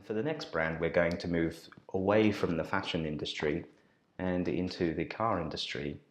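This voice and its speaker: Deep-voiced male English teacher. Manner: slow, careful repeating of words; friendly direct address to viewers. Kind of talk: online pronunciation lesson.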